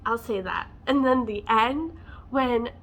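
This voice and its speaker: A woman with a slightly high voice rants casually to camera. She talks with passion and emotion, piling up fillers as her thoughts spill out. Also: slow, a bit bright, muffled recording. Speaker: book vlogger. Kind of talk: casual book rant to camera.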